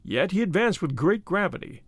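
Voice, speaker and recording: A man narrating a classic short story in an expressive storytelling manner. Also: high voice, normal speed, slightly rough, no room sound, studio quality.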